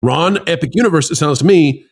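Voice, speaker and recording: A man's voice: on the high side, a little fast, slightly rough. A man hosting a talk show, speaking earnestly and a bit like a preacher to his listeners, then turning to question his co-host. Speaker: podcast host. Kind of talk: heartfelt talk-show commentary.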